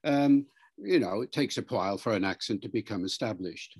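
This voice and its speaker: A man answering interview questions as a language expert, in a measured, lecturing way. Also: lowish voice, animated, a little mellow, husky.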